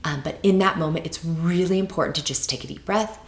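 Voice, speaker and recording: A woman's voice: lowish voice, quick pace, roomy sound. A woman teacher hosting an advice video, talking conversationally and often checking in with tag questions. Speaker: teacher and channel host.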